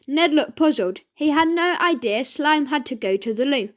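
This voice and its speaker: A woman reading a children's audiobook aloud, slowly and with the odd stumble and self-correction. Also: high voice. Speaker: reader.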